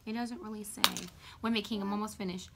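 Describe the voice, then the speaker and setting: A woman chatting casually to camera as a beauty vlogger, playful and full of quick asides. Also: medium pitch, steady tone, heavy background noise.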